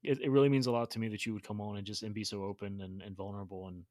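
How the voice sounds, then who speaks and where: A man with a lowish voice hosting a podcast, talking fast and earnestly. He repeats and restarts words as he goes. The sound is dry and close. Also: flat delivery, darkish tone, no echo. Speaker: podcast host. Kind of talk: podcast interview.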